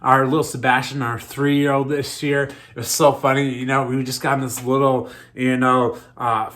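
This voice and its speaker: A man's voice: medium pitch, level tone, normal speed, a bit bright. A man in his thirties preaching a sermon in a conversational way, often repeating words as he starts his sentences. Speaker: pastor.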